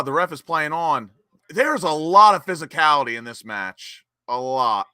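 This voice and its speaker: A young man hosts a live football watch-along stream. His voice is bright and forward, and the sound is close and dry. He chats with viewers, then bursts into excitement whenever the play picks up. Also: a little high, moderate pace, no echo. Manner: excitable, reads chat names and cheers goals.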